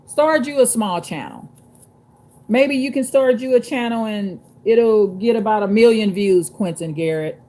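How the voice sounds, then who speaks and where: A woman's voice: on the high side, unhurried, mellow. A woman hosting her own live stream from home, telling stories to her viewers with emphatic, repetitive phrasing and calling them y'all. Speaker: YouTube channel host. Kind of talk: live-stream chat and storytelling. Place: at home, downstairs.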